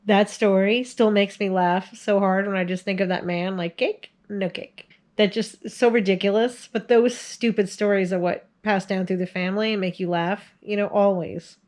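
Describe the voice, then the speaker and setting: Woman, forties, mid-pitched voice, casual storytelling vlog, chatty, laughs often. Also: steady tone, normal speed, hardly any pauses, darkish tone. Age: 40s. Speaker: video host sharing family stories.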